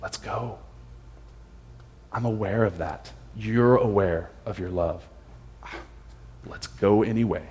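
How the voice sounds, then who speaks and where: A man preacher voicing a gentle, patient male teacher who calmly reassures a follower in a quiet voice. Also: lowish voice, slow. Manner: soft, calm reassurance.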